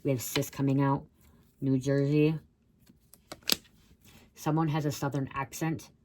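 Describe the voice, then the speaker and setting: A woman's voice: extremely low pitch, flat delivery, unhurried, background noise. A woman giving a rambling channeled psychic reading, blurting out words she hears and swearing casually. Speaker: psychic reader.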